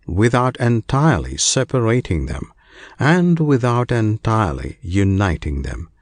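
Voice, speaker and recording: A man reads ancient scripture in a slow, deliberate, solemn cadence. His pitch rises and falls expressively across each phrase, and the recording is dry and close with no room sound. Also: no room sound. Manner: slow, measured, solemn reading. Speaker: narrator.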